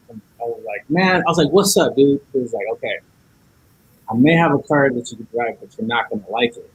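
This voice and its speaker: Husky animated man telling a story. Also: medium pitch, a little fast, poor audio. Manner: animated storyteller acting out dialogue, heavy cursing. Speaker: podcast guest. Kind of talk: casual chat.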